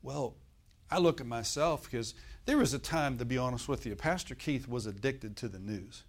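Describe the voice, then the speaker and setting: A man's voice: medium pitch, normal speed. A middle-aged man preaching a sermon as pastor, in a conversational way, putting rhetorical questions to his congregation.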